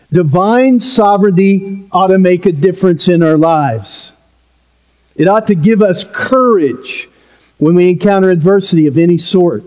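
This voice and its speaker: A man's voice: high voice, warm tone. A male pastor preaching a sermon in an earnest, emphatic way, with playful asides.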